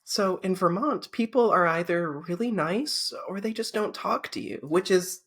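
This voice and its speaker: A woman's voice: mid-range voice, normal speed, fairly bright tone, husky. Chatty, blunt woman podcast guest. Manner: chatty and candid, blunt humor. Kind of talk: casual interview chat.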